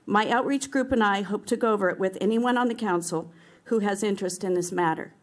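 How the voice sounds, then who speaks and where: Mid-pitched woman, steady and critical, reading a prepared statement. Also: a little fast. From Anaheim, California. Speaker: public commenter. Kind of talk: prepared public comment.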